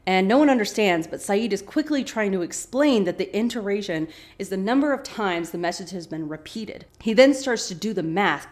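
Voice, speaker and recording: A woman hosting a podcast, casually recapping a TV episode with animated, chatty asides. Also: medium pitch. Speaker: podcast host.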